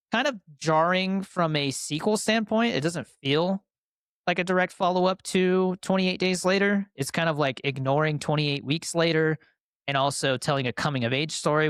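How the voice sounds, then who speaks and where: With a fairly high, smooth voice and a fairly bright tone, this young adult man co-hosts a podcast and talks casually about films he loves. He's enthusiastic and rambling, leaning heavily on fillers. The recording is dry and has clean studio sound.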